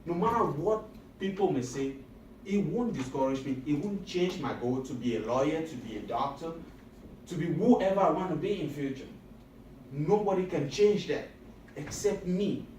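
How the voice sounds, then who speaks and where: A man delivers a motivational talk to a room of high school students, hammering each point through repetition and questions to the crowd. His voice carries from well away from the microphone and rings around an echoey hall, with a faint hum of room noise underneath. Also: lively intonation, moderate pace, darkish tone. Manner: emphatic and repetitive, asks the audience questions. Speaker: motivational speaker. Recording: echoey room recorded from a distance.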